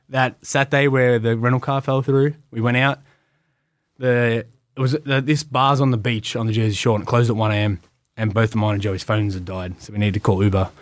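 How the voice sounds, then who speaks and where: A young Australian wrestler, a podcast guest, tells stories quickly in a casual interview, acting out the voices of others. His mid-range voice has fairly even intonation, with no room sound.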